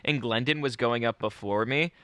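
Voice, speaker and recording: A man co-hosting a casual podcast, telling stories and loudly acting out the people in them. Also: medium pitch, normal speed, clear, resonant tone, no room sound. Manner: lively storytelling with loud quoted voices. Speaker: podcast co-host, comedian. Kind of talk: casual chat.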